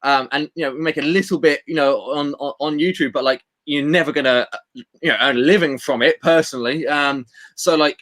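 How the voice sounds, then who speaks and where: A man's voice: on the high side, fairly even intonation, brisk, fairly bright tone. A young man with a Portsmouth English accent, a guest on a casual live-stream chat, talking in loose, hesitant bursts. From England. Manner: hesitant, many fillers and restarts.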